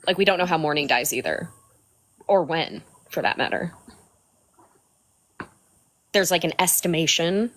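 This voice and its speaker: A woman's voice: sits low, a bit bright, no room sound. A woman co-hosting a casual fan podcast, blunt and swearing casually. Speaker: podcast co-host.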